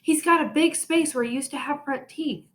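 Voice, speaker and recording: A matter-of-fact young schoolboy from a children's storybook, calmly explaining what he sees. A woman reading aloud puts him on. The voice is a little high. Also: moderate pace.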